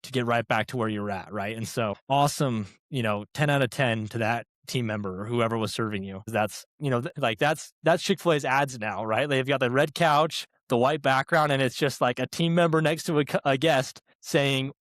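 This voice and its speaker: A young man speaks in an even, middle-range voice, dry and close to the microphone. He tells stories casually and animatedly, slipping into the voices of the people he quotes and filling gaps with "like" and "right?". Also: medium pitch, normal speed, hardly any pauses, no echo. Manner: animated, acts out quoted dialogue, many fillers like "like" and "right?". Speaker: guest, former restaurant training director. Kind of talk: casual conversational storytelling.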